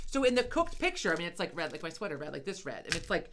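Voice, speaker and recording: Fast, animated middle-aged woman swearing freely. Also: lowish voice. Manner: profane, animated storytelling. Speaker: podcast co-host. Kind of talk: casual chat.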